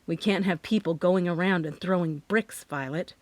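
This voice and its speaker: A woman reading an audiobook, voicing a gruff male police chief who talks down to people. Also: on the low side, normal speed, no room sound, close to an everyday voice. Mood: stern.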